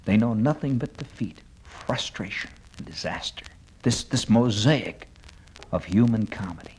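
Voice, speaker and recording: A man's voice: fairly low pitch, lively intonation, measured pace, a little mellow, husky, poor audio. A man delivering a wry comic monologue on the radio, building sardonic lists toward a punchline.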